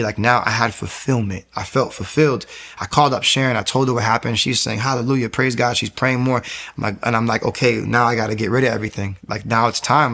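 Gravelly man telling a fervent testimony. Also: medium pitch. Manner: fast, animated storytelling, acting out quotes. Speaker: guest giving testimony. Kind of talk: emotional personal testimony.

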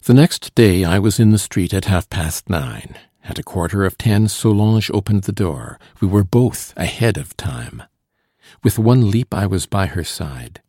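A man narrating a classic novel in first person, measured and storytelling in manner. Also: low-pitched, expressive, warm tone, slightly rough, no echo, clean studio sound. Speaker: audiobook narrator. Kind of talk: scripted narration.

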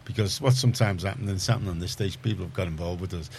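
A man's voice: low-pitched, rapid-fire, gravelly, a little mellow, a little hiss or hum. A man with a Liverpool accent hosting a community radio chat show, rambling and chatty with many restarts. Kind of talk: casual studio chat.

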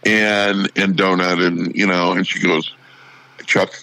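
A man's voice: deep voice, slow pace, vocal fry, no echo, low-quality recording. A middle-aged man casually telling a long anecdote and acting out the voices of the people in it. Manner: animated anecdote teller who acts out quoted voices. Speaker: radio show personality. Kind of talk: casual storytelling.

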